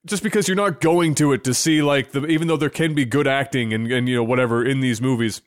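A man's voice: medium pitch, fast, no room sound, clean studio sound. A man co-hosting a gaming podcast, talking in an easygoing way, hedging with fillers. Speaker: podcast co-host. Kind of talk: casual chat.

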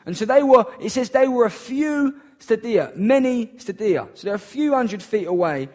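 A man's voice: very high-pitched, expressive, normal speed, darkish tone. A man preaching a sermon in an earnest, emphatic way, repeating key phrases for weight.

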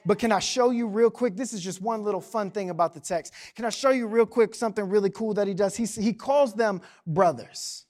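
A male pastor preaching a sermon, animated and quick to joke with the congregation. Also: sits high. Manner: animated, joking asides to the congregation.

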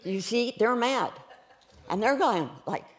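A woman preaching a sermon, telling stories in an animated way and laughing often as she goes. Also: fairly high pitch, takes it slowly. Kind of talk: sermon storytelling.

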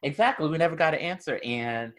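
A man's voice: on the high side, expressive, fast talker, a crowd in the background. A man chatting casually as a co-host, telling a story with fillers. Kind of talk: casual chat.

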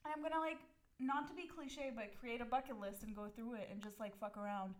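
A woman's voice: a little high, steady tone, a little fast. A young woman in casual chat with a friend, chatty, laughing often and using lots of fillers.

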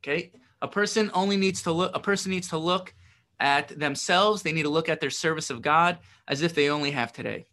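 A man's voice: a little high, fairly quick, bright, forceful tone. A man teaching a religious text lesson, reading passages and translating them, explaining with rhetorical questions and a frequent "right?".

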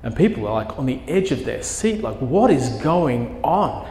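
A man's voice: medium pitch, very animated, moderate pace, darkish tone. A man preaching a sermon as pastor, telling a story with vivid, emphatic quoted lines. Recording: echoey hall with long reverb.

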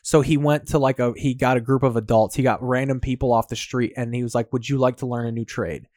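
Man, chatty podcast host, dry close mic, mid pitch, rambling anecdotes. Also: fairly even intonation, quick pace, darkish tone, dry recording. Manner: rambling storyteller, acts out quotes. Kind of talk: casual chat.

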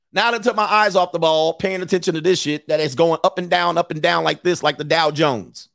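A man with a slightly high speaking voice rants on a livestream as a life coach. He is blunt and profane, hammers his points home with repeated phrases, and laughs between them. The sound is dry and close, with no room echo. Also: normal speed, creaky, fairly bright tone. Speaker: life coach hosting a live stream. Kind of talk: casual livestream rant answering super chats.

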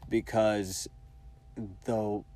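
Rambling, low-voiced young man telling a story. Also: little pitch movement, drawn-out words, warm tone. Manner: rambling, profane, heavy use of filler words. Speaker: vlogger. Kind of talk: casual storytelling.

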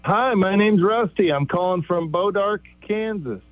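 A man's voice: high-pitched, unhurried, no room sound. Man on a tinny phone line. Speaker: prank caller. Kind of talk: phone call to radio show.

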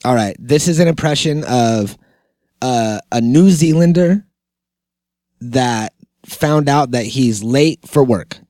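A man co-hosting a podcast, chatting casually, joking and telling stories with quick laughs. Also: medium pitch, dark tone, no room sound, clean studio sound. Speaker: podcast co-host. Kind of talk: casual chat.

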